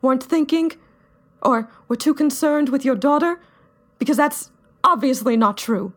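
A woman player in a tabletop role-playing game, speaking her character's lines and actions with intensity. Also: high voice. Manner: intense, fast in-character confrontation.

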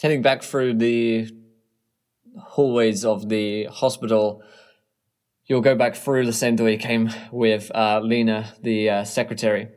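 A man game master narrating a tabletop role-playing game in a relaxed way, with frequent fillers. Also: fairly low pitch, unhurried.

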